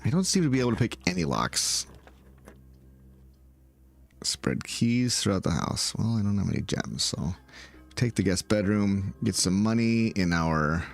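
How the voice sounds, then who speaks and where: A man gives unhurried let's-play commentary in a gravelly voice whose pitch jumps around a lot. He thinks aloud, speaks to his viewers and breaks into loud outcries between stretches of calm planning. Soft music plays underneath. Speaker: gaming video creator.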